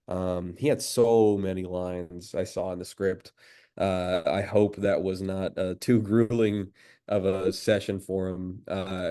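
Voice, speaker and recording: Male voice actor guest, fairly low voice, relaxed and keen, chatting casually about his work. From United States. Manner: enthusiastic, admiring. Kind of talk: casual interview chat.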